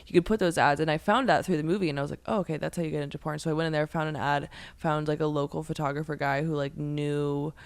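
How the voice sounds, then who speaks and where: A woman's voice: deep voice, steady tone, fast, few pauses, smooth, no room sound. A woman in her twenties from Pennsylvania, chatting as a podcast guest in a rambling way full of "like". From Pennsylvania, USA. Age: 20s. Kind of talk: casual podcast chat.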